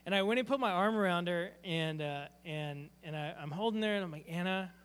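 A fairly high-voiced man preaching in a church hall, his earnest, heartfelt words trailing off into a long hall reverb. He tells a personal story as a pastor, speaking plainly and sincerely. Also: fairly quick, a bit bright.

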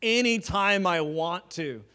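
A man delivers a sermon in an easygoing, talky way, his voice sitting slightly higher than most men's. He teaches through scripture with plenty of casual fillers and drops in light, joking asides along the way. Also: animated, slow, pushed and bright. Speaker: preacher.

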